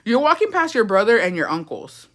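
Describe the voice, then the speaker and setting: On her livestream, a young woman with a mid-range voice and big pitch swings talks briskly through a crude, gossipy family tale. The casual storytime chat is full of laughter and Spanish phrases dropped into English.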